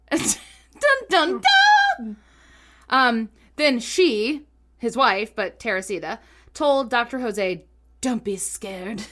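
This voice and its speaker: Woman podcast host, giggly and chatty, bright voice that jumps all over. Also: on the high side, takes it slowly, pauses often. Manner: giggly, animated, lots of laughter. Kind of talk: casual chat, storytelling.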